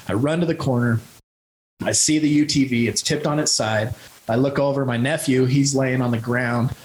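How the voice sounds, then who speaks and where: A podcast guest in his thirties tells a raw, rambling personal story about his recovery and his son's accident, now and then breaking into shouted quotes. His voice is medium-pitched and the recording is low quality.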